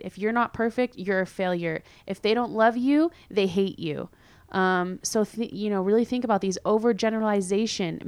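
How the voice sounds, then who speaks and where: A young woman hosting a podcast, talking casually and candidly with many fillers and quick laughs. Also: medium pitch, clean tone, no room sound. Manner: chatty, filler-heavy, candid, laughs easily. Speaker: podcast host. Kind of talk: casual solo podcast chat.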